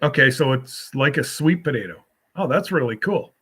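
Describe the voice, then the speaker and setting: A man's voice: medium pitch, lively intonation, normal speed, a bit bright, breathy edge. A man hosting a casual solo live stream, rambling as he reads and answers viewer comments with a folksy, teasing manner.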